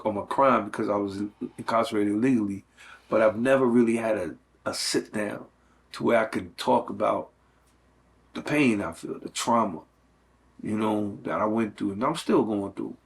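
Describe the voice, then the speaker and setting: A man's voice: fairly low pitch, normal speed. Earnest man, full of restarts. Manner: earnest, many fillers and restarts. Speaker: guest. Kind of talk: casual conversation.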